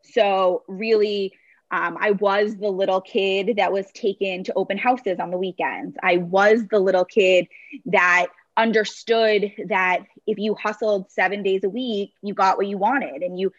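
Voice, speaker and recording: A woman's voice: mid-range voice, steady tone, measured pace, no echo, highs cut off. A woman in her late twenties from the Boston area, speaking in a neutral voice as an articulate, upbeat podcast guest. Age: late 20s. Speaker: podcast guest, marketing director. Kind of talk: casual interview chat. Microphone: remote call.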